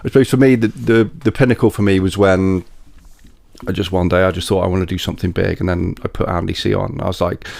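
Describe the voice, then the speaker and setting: A middle-aged man speaks in a very low, gravelly voice. He talks in a relaxed, rambling way, often doubling up on his words. The recording is dry and close-miked. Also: fast talker, dry recording. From England. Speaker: event promoter and DJ. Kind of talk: casual podcast interview.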